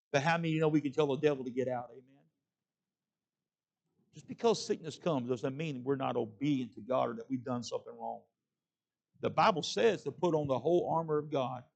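A fairly high, creaky voice belongs to a middle-aged pastor delivering a sermon. Folksy and plain-spoken, he calls out "amen?" to his congregation again and again.

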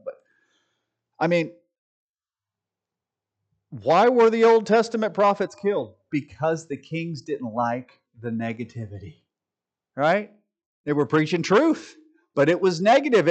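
Emphatic preaching man, loud to muttered. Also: fairly high pitch, lively intonation, moderate pace. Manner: emphatic, frequent restarts, swings from loud to muttered. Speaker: pastor. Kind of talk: preaching commentary, conversational rant.

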